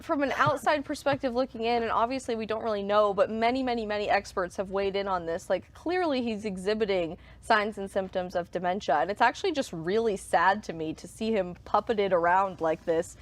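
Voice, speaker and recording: A woman's voice: medium pitch, a little fast, few pauses. A woman co-hosting a casual political chat show, talking earnestly and emphatically. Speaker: co-host.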